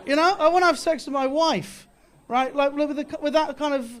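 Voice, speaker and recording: High-voiced British stand-up man. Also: normal speed. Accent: British English. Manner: boastful deadpan bravado, self-mocking. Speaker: stand-up comedian. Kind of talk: stand-up set. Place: comedy club, live audience. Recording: live club with audience laughter.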